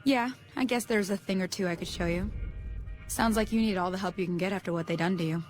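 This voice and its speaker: A woman's voice: mid-range voice, fast, soft background music, lightly acted. A woman voicing a folksy, easygoing frontier woman in a game who teaches a newcomer to shoot. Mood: friendly. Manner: drawling, down-to-earth, easygoing. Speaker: game character, ranch hand guide.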